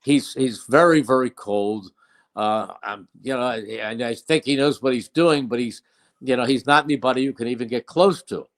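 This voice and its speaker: An older male broadcaster recounting old stories with fond emphasis, his voice sitting at a steady middle pitch. He leans into punchlines and repeats phrases for effect, in a relaxed interview chat. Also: normal speed. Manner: anecdotal, fond, emphatic retelling. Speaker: play-by-play broadcaster. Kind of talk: storytelling interview.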